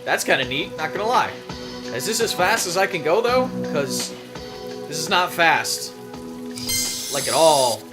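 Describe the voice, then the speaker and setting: Man, high voice, very animated, playful let's-play commentary, music behind. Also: a little slow, long pauses. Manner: playful, reads game text aloud, jokes. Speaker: gaming video host.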